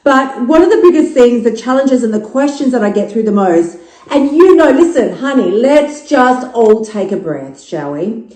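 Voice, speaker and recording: Aussie woman in her 50s, swears a lot and jokes around, kinda high mellow voice, echoey room. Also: moderate pace. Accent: Australian. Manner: frank, profane, jokey, animated storytelling. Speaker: podcast host. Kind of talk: casual podcast monologue.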